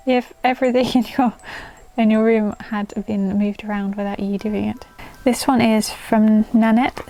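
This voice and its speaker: A woman's voice: on the high side, warm tone. A woman casually reading viewer ghost stories aloud at home, breaking off to chat with her dog in a sing-song voice. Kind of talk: casual storytelling vlog.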